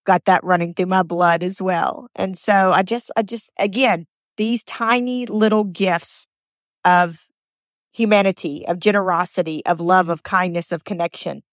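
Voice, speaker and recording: A woman's voice: lowish voice, fairly even intonation, unhurried, dry recording, studio quality. A woman hosting a motivational podcast, telling personal stories in an earnest, chatty way and repeating phrases for emphasis. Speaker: podcast host.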